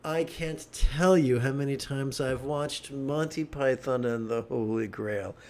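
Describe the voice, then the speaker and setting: Slow, wry male meditation teacher. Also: medium pitch, a little mellow. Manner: wry, joking storyteller. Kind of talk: livestream dharma talk.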